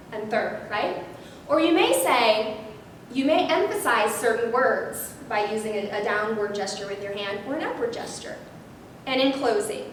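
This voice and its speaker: A woman presenting a public speaking workshop, lively and animated, often checking in with "right?". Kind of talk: instructional workshop talk. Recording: very echoey room, distant mic, faint rumble.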